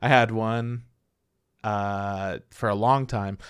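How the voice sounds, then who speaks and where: Casting: relaxed, profane male podcast co-host, smooth, close and dry. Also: fairly low pitch, slow pace, no room sound. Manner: laid-back, swears a lot, laughs often. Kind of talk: casual chat.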